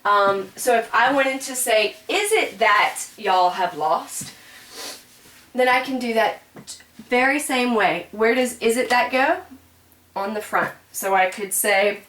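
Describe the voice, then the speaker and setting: A woman explains grammar in a relaxed classroom manner, saying y'all and pausing often on fillers. She is heard from some distance in an echoey room. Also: a little high. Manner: casual and chatty, says y'all, many ums and self-corrections. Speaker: French teacher. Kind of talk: classroom grammar lesson at a board.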